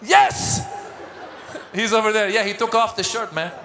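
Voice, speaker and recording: Bright high-voiced male stand-up comic. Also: fast talker, slight background noise. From Iran. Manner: animated, joking with the crowd, acting out voices. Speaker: stand-up comedian. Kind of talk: stand-up comedy set. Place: large event hall with a live audience. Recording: echoey live hall, crowd.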